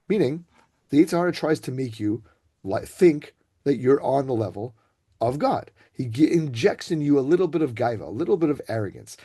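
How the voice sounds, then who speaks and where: A man giving an informal Torah talk to students over a video call, chatty and conversational, often checking in with a quick "right?". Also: medium pitch, big pitch swings, warm tone, slightly rough. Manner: casual, conversational, keeps asking "right?".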